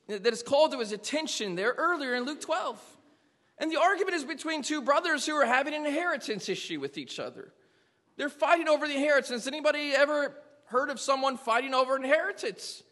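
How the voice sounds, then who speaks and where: A male pastor delivers an emphatic sermon, throwing rhetorical questions at his congregation. His voice is extremely high-pitched with a sharp edge, and the recording carries the long reverb of a large hall.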